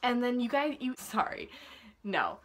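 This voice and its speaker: A young woman venting to camera about pet peeves, profane and exasperated, her voice rising into loud outbursts. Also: fairly high pitch, big pitch swings, unhurried, a little hiss or hum. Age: young adult. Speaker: vlogger.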